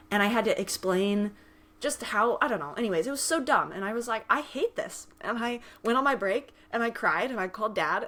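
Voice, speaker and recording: A young woman hosting a podcast, telling stories in casual chat and acting out the people she quotes. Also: mid-range voice. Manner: animated storytelling, acts out quoted voices, laughs often. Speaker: podcast host.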